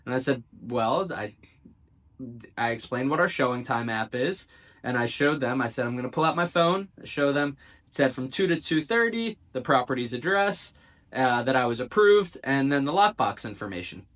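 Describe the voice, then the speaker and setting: A man's voice: mid-range voice, moderate pace. Man animatedly retelling a story to camera. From South Jersey, United States. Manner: animated retelling, acting out quoted dialogue with dry asides. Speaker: real estate agent.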